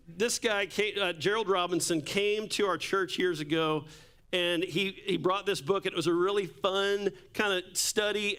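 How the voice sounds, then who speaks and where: A man's voice: sits high, sharp tone. A man preaching a sermon on a church microphone, casual and joking as he tells stories. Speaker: pastor. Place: church sanctuary. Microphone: handheld or stage microphone.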